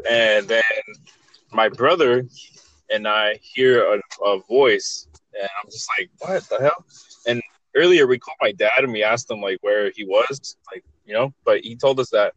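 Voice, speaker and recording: Young man, casual storyteller, bright tone, close and dry, slangy and profane, lots of false starts. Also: mid-range voice, no room sound, muffled recording. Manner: rambling, heavy slang and swearing, many restarts. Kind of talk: casual chat, telling scary stories.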